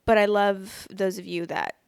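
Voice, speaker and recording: A woman chats casually on a story podcast, speaking close to the microphone in a dry, deadened space. Her voice has a crisp clarity and a slight vocal fry. She rambles and apologizes, fills her talk with "like", and sometimes yawns mid-sentence. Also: mid-range voice, fairly even intonation, measured pace, dry recording. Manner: rambling and apologetic, many fillers like "like"; often yawns while talking. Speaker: podcast host reading online stories. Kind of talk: casual chat and story reading.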